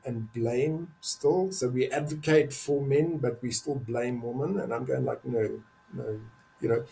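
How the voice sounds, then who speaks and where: An older man talks in a candid interview with a gravelly, creaky edge to his voice. He speaks earnestly and emphatically, often repeating words to drive a point home. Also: mid-range voice, darkish tone, low-quality recording. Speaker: podcast guest, men's advocate.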